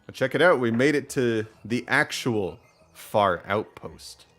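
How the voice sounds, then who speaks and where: A man's voice: mid-range voice, expressive, unhurried, fairly bright tone, faint music behind. A man chatting casually while streaming a game, upbeat and full of fillers. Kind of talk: let's play commentary.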